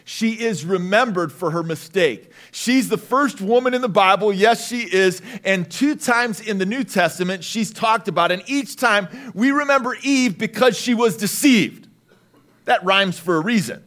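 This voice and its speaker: A man preaching a sermon as pastor, lively and emphatic, at times rising to shouts. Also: high-pitched, moderate pace.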